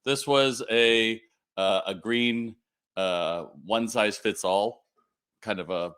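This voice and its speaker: A man's voice: fairly low pitch, takes it slowly, a bit bright, clean tone. A middle-aged man hosting a live retail Q&A, talking casually and animatedly, with lots of fillers and restarts. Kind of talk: casual livestream talk.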